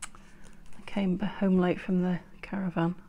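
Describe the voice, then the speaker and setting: A woman from the UK chatting casually as she works on a craft project, dropping into soft murmurs as she works. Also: fairly low pitch, flat delivery, measured pace, whispered, lo-fi sound. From United Kingdom. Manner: chatty, self-mocking, drops into soft murmurs while working. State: slightly out of breath from heat. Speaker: craft vlogger. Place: home craft room with door shut.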